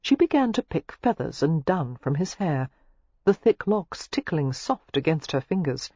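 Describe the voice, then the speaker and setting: Expressive audiobook narrator, lively pitch. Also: unhurried, slightly rough, dry recording. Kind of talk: scripted novel narration. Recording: dull lo-fi dry recording.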